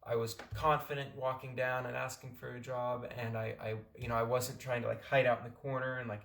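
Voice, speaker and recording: A man's voice: medium pitch, little pitch movement, fairly quick, vocal fry, hardly any pauses, a bit bright, echoey room. A young American man from California giving casual, rambling advice in a vlog. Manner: rambling, many restarts and fillers. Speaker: vlogger.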